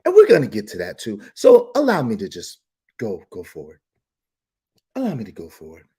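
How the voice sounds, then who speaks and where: A male stream host giving fast-swinging, theatrical commentary, mocking and exclaiming, then dropping to a mutter. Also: medium pitch, huge pitch swings, warm tone, slightly rough.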